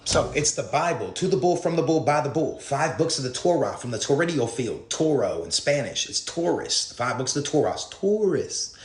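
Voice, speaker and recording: A man's voice: mid-range voice, sing-song, moderate pace, few pauses. A man in a clip, lecturing earnestly in a rambling stream of word puns. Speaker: conspiracy video speaker. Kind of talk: rambling word-association monologue. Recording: roomy clip played on stream.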